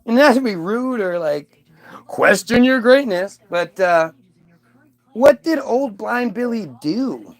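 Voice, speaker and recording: A man's voice: sits high, lively intonation, slow, pitched above the performer's own voice, full character voice. A man voicing a hesitant, nervous male onlooker who talks cautiously.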